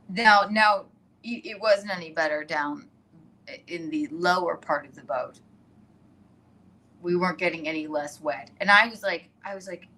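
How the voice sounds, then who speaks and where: A woman hosting a casual live stream from her iPad, telling stories in an excitable, rambling way and laughing often. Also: on the low side, moderate pace.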